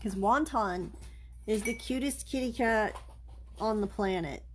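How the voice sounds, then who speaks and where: A woman on a home live stream talks in an unhurried, drawn-out way, her voice sitting at an ordinary middle pitch. She rambles loosely between painting and calling her cats over. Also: a little hiss or hum. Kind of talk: casual live-stream chat while painting.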